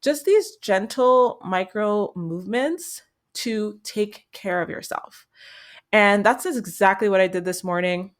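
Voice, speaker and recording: A woman hosting a self-help podcast speaks in a gentle, unhurried, soothing way. Her voice sits at a middle pitch. She sounds like a young adult. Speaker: podcast host.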